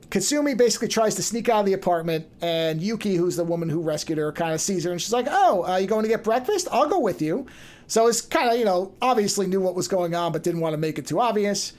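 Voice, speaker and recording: A podcast host with a medium-pitched, slightly mellow voice chats casually, animatedly retelling a story and briefly voicing the characters' lines. The delivery is loose and talkative, with frequent restarts.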